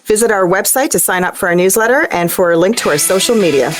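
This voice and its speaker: A playful woman co-host with an expressive, up-and-down voice and a giggly manner. Soft music plays faintly underneath her. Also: medium pitch, fast talker. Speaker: podcast co-host. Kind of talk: casual podcast chat.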